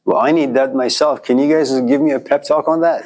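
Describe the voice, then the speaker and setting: A man's voice: medium pitch, darkish tone. A middle-aged man giving an informal philosophy lecture in a classroom, telling stories and acting out quoted voices in a conversational way.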